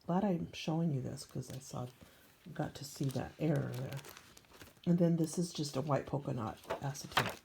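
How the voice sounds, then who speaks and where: A low-sitting, gravelly voice, a little mellow, comes from an older woman talking at normal speed over a faint hiss or hum. The scrapbooking vlogger chats loosely about her pages in show-and-tell style, full of ums.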